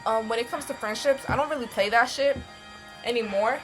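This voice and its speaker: A young adult woman telling a casual storytime vlog, blunt and animated, swearing heavily and using a lot of slang. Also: a little high, fairly quick, faint music behind. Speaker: vlogger.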